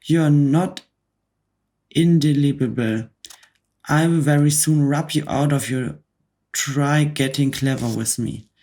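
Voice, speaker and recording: A woman in a soft whispered role-play voicing a huge, furious female headmistress who barks scornful orders at children. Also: deep voice, slow pace, pauses often. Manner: barking, scornful.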